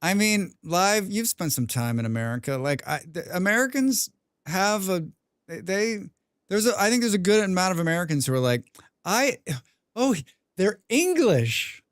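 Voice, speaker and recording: A young man streaming a game, chatting casually with his viewers, rambling and clearing his throat often. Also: high voice, lively intonation, brisk, no room sound, clean studio sound. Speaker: gaming livestreamer. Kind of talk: casual livestream chat while playing.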